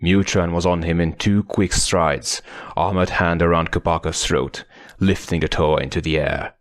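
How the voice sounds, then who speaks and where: A man reading an adventure audiobook as narrator, in a measured, dramatic storytelling manner. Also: low voice, steady tone, no room sound. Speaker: audiobook reader.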